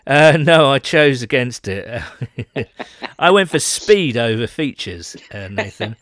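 A man's voice: mid-range voice, lively intonation, takes it slowly, fairly bright tone, dry recording, clean studio sound. A British man co-hosting a podcast, chatting casually and self-mockingly with lots of fillers. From Britain. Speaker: podcast co-host. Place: home, London.

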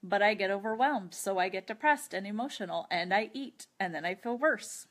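An earnest woman talking openly on her own podcast in a chatty, confessional way. She sounds a little teary after crying, and her voice sits at a middle pitch. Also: expressive, normal speed, fairly bright tone. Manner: earnest, open, chatty with light laughs. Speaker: podcast host. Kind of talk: personal confessional talk with prayer.

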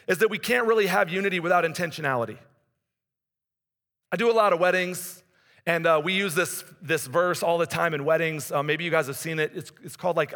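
Bright high-voiced preaching man. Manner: conversational preaching, rises and drops in intensity. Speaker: pastor. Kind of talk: sermon. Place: church. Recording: long hall reverb.

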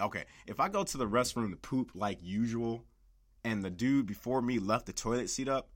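A young man hosts a solo podcast, rambling through a casual rant full of swearing and constant filler, especially "like." His voice sits at medium pitch, slightly bright, and moves at a normal speed.

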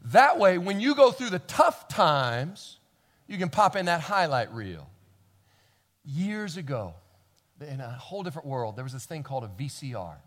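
A man preaching a sermon as a pastor in a church, animated, with stammering restarts, swinging between quiet and loud. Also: fairly high pitch, moderate pace.

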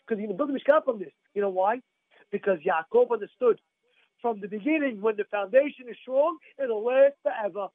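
Emphatic rabbi with a high, tinny voice. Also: male voice, a little fast, no room sound. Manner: emphatic, repeats phrases, asks the audience questions. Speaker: rabbi giving a Torah class. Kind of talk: sermon.

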